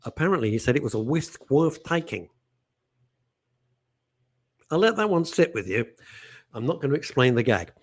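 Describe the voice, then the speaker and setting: Animated, lively talk show host. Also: male voice, medium pitch, moderate pace, long pauses. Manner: chatty, jokey and opinionated, with bursts of indignation. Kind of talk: casual chat.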